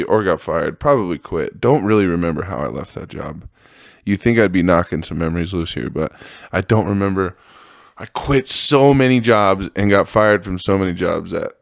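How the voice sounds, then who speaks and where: A man's voice: low voice, gravelly, no echo, clean studio sound. A man hosting a podcast, telling rambling, profane stories about his old jobs in a casual monologue and acting out the people in them. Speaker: podcast host.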